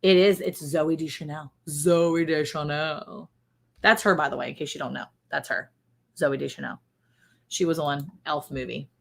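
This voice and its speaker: A woman's voice: low-pitched, fairly even intonation, moderate pace, gravelly. Woman hosting a livestream quiz. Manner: quizzing a co-host and reading viewer comments aloud. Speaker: livestream host. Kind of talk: casual chat, running a guessing game.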